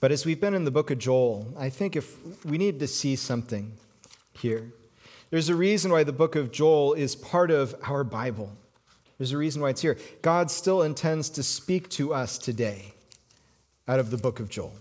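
A man preaching a sermon, telling a childhood story with frequent restarts and dropping to quiet, hushed tones for emphasis. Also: mid-range voice, lively intonation, normal speed. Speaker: pastor.

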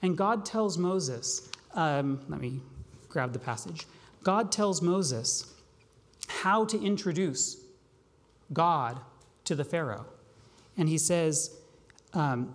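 Pastor, sermon, mid-pitched voice, rhetorical questions, long church reverb. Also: expressive. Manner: asks rhetorical questions and slows down on key phrases. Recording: long reverb of a large hall.

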